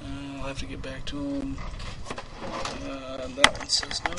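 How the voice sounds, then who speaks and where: A man's voice: medium pitch, monotone, a little slow, very noisy. A man hosting a homemade prank call show, chatting casually, rambling and laughing as he reads out his ads. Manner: rambling, laughs often, trails off into mumbling. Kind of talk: casual live show chat.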